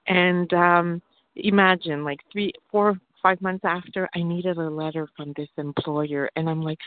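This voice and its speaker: Woman telling her story at a recovery meeting, lively and grateful, dry tinny call sound. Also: lowish voice, a little slow, dry recording. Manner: chatty, animated, laughing, grateful. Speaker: meeting member sharing. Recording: tinny dry phone-like audio.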